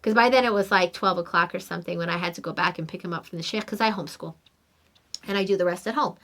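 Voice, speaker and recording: A middle-aged woman hosting a podcast, telling a story in an animated, emphatic, conversational way. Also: lowish voice, fast talker. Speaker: podcast host. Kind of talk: casual storytelling monologue.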